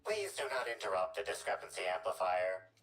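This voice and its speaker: A man's voice: sits low, big pitch swings, brisk, a bit bright, far from the mic, poor audio. A man voicing a prim, rule-bound investigation gadget in a video game, who speaks in stiff, formal phrases.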